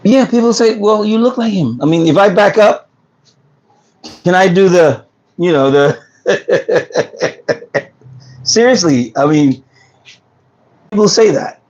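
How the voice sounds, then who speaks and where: A New York man who hosts a food truck business livestream reads comments and chats casually, joking and laughing with viewers as his voice gives out. His voice is high and a little mellow, slow with frequent pauses, and the phone recording sounds muffled.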